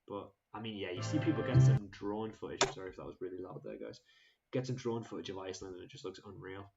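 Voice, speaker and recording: A man's voice: low-pitched, fast, gravelly, dull audio, loud music behind the voice. A man co-hosting a casual chat show, rambling with lots of fillers and frequent laughter. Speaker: co-host.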